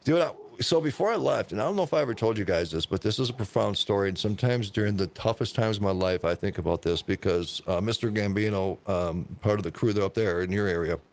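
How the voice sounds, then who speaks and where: Low-voiced man, profane storyteller. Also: fast, hardly any pauses. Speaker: podcast host. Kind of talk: casual podcast chat.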